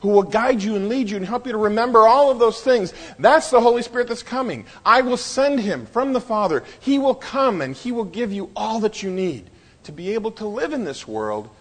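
A man preaching a sermon, pausing for effect and voicing the quotes he reads. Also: high-pitched, animated, in a large hall. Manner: preaching with dramatic pauses and voiced quotes. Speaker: pastor.

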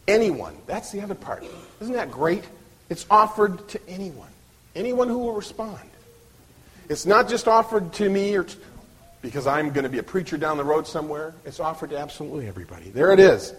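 A man's voice: on the high side, expressive, fairly quick, breathy edge. A man preaching a sermon at a church service, earnest, often restarting and repeating his words.

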